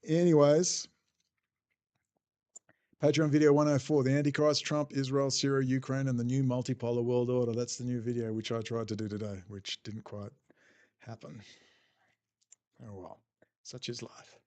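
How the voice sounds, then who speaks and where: A man's voice: medium pitch, level tone, moderate pace, pauses often, dark tone. A man hosting a casual livestream, rambling and bluntly answering chat messages as he goes. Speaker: livestream host reading chat.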